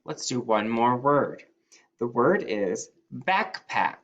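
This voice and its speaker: Male first-grade teacher, patient and unhurried, lively pitch when sounding out words. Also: highs cut off. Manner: sounds out letters and stretches key words upward. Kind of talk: slow, patient phonics lesson.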